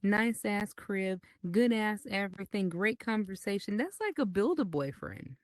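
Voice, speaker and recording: A woman in her thirties, a podcast guest in casual chat, telling stories in an animated, profane way. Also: mid-range voice, unhurried, dry recording, studio quality.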